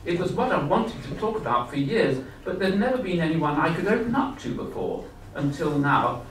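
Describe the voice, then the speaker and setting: A man's voice: a little high, sing-song, normal speed, hardly any pauses, a bit bright. A man reading his own first-person story aloud at a live literary event, earnest and confiding. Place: festival event hall. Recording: echoey hall, far mic, background noise.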